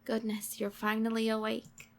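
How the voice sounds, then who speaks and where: A woman reading as a soft-spoken school nurse. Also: fairly high pitch, monotone, normal speed, lightly acted. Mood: relieved. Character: gentle middle-aged woman school nurse.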